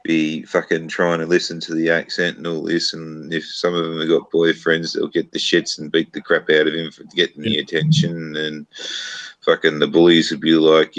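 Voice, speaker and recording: A man's voice: extremely low pitch, normal speed, dry recording. A man, swearing heavily while telling a story in casual banter. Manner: heavy swearing, animated storytelling. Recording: dull lo-fi mic.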